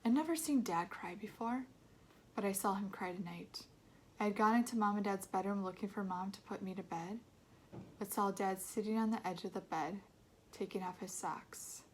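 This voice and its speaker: A woman reads a children's novel aloud in a soft, intimate voice. She often sinks into a near-whisper. A faint hum of background noise sits under her voice. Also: medium pitch, moderate pace. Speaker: read-aloud narrator. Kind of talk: storybook narration.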